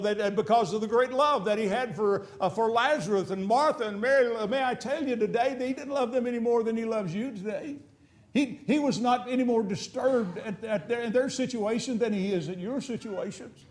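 An older man preaching a sermon, fervent and repetitive, swinging between emphatic peaks and quiet storytelling. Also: high-pitched.

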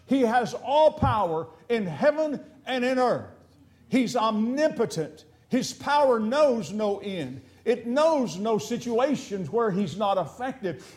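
A middle-aged pastor preaching in a high voice. He talks in a folksy way, repeating his words and stretching key lines slowly. He reads scripture in old-fashioned English. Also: sing-song, a little mellow. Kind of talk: sermon.

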